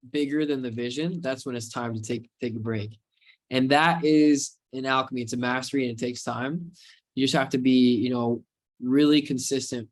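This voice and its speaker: This is a man in the middle of a live webinar, talking to his viewers as a trading coach. His delivery is casual and meandering, with frequent "you know"s. He keeps drifting into spiritual, motivational musings. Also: medium pitch. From United States.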